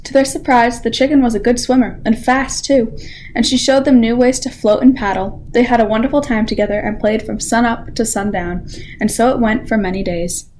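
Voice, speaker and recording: A teenage girl volunteer reading a children's picture book aloud with expressive storytelling. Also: fairly high pitch, a little fast, slight background noise. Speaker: library volunteer reader.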